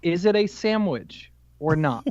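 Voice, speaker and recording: A man's voice: sits high, lively intonation, unhurried, a little mellow, no room sound, dull audio. A man co-hosting a podcast in casual chat, telling stories with a laugh. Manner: jokey, laughs at his own stories. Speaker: podcast co-host.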